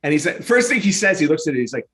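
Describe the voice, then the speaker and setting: Male podcast co-host, animated storyteller, slightly higher voice. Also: very fast. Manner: animated storyteller acting out phone calls. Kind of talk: casual chat.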